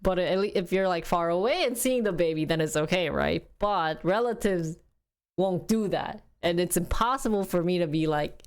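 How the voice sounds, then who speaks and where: A young woman chats on her livestream in a loose, rambling way, laughing often and jumping up high when she quotes her family. Her voice sits a touch low and is starting to wear hoarse from long talking. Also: normal speed. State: losing her voice. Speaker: streamer. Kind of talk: casual livestream chat.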